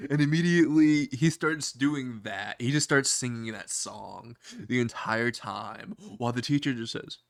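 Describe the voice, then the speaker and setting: A man casually narrating a crude comedy fan story, often chuckling at his own jokes. His voice sits at an ordinary pitch. The recording is dry and close. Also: normal speed, vocal fry, no room sound.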